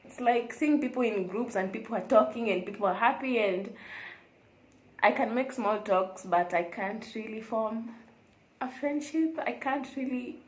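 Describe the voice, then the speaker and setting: A woman's voice: fairly high pitch, normal speed, echoey room. A young woman chatting candidly and reflectively in a casual vlog from a hotel room. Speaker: vlogger. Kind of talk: casual confessional vlog chat.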